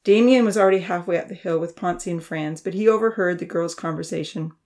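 A woman narrating a children's storybook in an expressive, lively reading voice. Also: fairly low pitch, fast.

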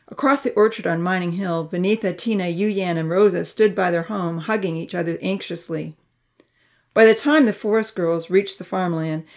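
Lowish woman narrating a children's story. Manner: expressive, lifts her voice high for the children's dialogue.

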